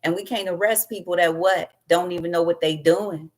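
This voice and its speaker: Woman reader, loose profane storytelling, lower pitch, unscripted rambling. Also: steady tone, normal speed. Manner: brash, profane storytelling with laughter. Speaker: tarot reader. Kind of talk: casual profane rant.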